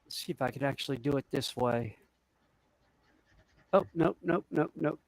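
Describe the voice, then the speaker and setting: A man's voice: medium pitch, moderate pace, vocal fry, poor audio. A man telling stories in a casual chat and acting out the quotes as he goes. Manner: animated, acts out quotes in his stories.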